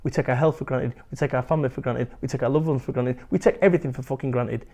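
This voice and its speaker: A man's voice: medium pitch, steady tone, rapid-fire, mellow. A man, a motivational speaker talking bluntly and animatedly in an interview, swearing freely. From England. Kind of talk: candid interview talk.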